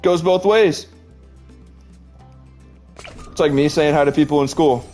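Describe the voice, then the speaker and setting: A man's voice: on the high side, unhurried, a little mellow, faint music behind. A man streaming live, chatting casually and rambling with lots of "like" and frequent laughter while he plays a game. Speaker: Twitch streamer. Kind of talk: casual chat while gaming.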